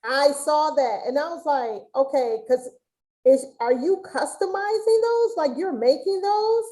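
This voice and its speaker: A woman's voice: high-pitched, unhurried, mellow, poor audio. A woman hosting a casual webinar interview over a video call, chatty and rambling, with many restarts. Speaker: host.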